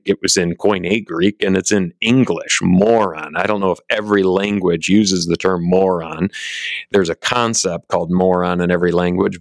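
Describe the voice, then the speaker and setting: A man's voice: low-pitched, no echo. A man giving a casual teaching talk, rambling and self-deprecating, often restarting his sentences.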